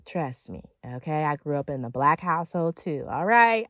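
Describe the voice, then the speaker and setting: A woman's voice: low-pitched, lively intonation, moderate pace, no room sound. A woman giving a motivational monologue as a feminine energy coach, emphatic and casual, with slang and playful asides.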